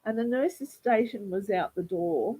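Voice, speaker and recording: A woman vlogger talking in a rambling, halting livestream monologue, often repeating words. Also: medium pitch, animated, mellow, breathy edge, low-quality recording.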